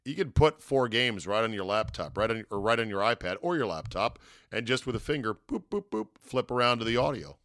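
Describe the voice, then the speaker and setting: A man's voice: on the low side, expressive, brisk, hardly any pauses, a bit bright, no room sound, studio quality. A man hosting a sports talk podcast, giving a casual monologue with wry, sarcastic asides from a hotel room.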